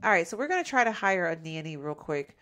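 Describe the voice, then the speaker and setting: A woman's voice: lowish voice, sing-song, fast talker, fairly bright tone. A woman giving casual let's-play commentary, chatty and exasperated, often talking to her viewers as "y'all". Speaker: gameplay commentator.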